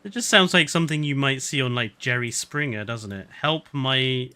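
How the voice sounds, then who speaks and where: A man's voice: mid-range voice, lively intonation, brisk, pushed and bright. A man chatting casually and sarcastically while live-streaming a game, often laughing.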